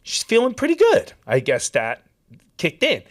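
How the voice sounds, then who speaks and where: A man telling a long story in a casual chat, animated and peppered with "dude" and "like.". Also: high-pitched, normal speed. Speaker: podcast guest.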